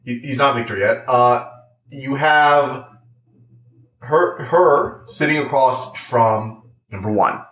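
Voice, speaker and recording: A man talks through a TV season in a loose, rambling review voice, leaning on "like" and restarting his sentences. His pitch sits in an ordinary middle range. The recording is roomy and a little dull. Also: slow pace. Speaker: TV show reviewer. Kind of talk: casual spoken review.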